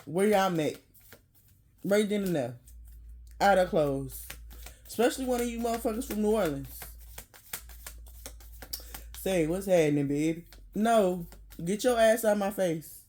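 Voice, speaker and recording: A vlogger in a casual rant to camera, blunt and profane, often laughing, dropping to low mutters then bursting out loud. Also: expressive, normal speed, long pauses.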